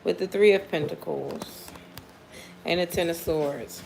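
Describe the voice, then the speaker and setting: A woman's voice: on the low side, unhurried, creaky, a little mellow, slight background noise. Blunt, laughing woman reading tarot. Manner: blunt, profane, laughs often. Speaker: tarot reader. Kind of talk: casual live tarot reading with viewer questions.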